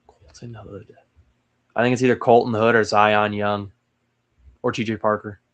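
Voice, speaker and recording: A man's voice: lowish voice, flat delivery, normal speed. A young man hosting a solo mock draft breakdown, thinking aloud with hesitant restarts. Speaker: sports channel host.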